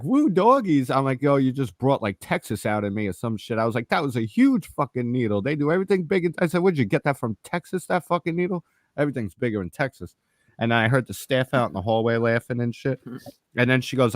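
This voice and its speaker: A man's voice: mid-range voice, no echo, clean studio sound. A man telling a story in casual podcast chat, swearing often and acting out each exchange of dialogue with animation. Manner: profane, animated, acts out dialogue. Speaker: podcast co-host.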